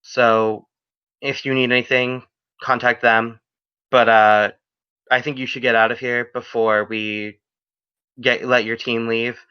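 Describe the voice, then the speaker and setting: A man's voice: medium pitch, little pitch movement, unhurried, pauses often, smooth, dry recording, natural voice. A man voicing a flustered, angry young woman in her twenties who leads a hero team, tense and pleading, on a dull lo-fi recording. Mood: weary.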